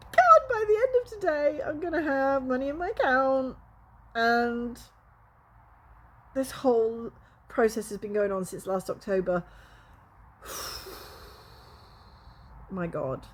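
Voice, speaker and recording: Passionate high-voiced woman vlogging. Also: slight background noise. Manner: passionate, emotional, laughs often, swears. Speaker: spiritual coach and vlogger. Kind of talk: casual vlog talk to camera.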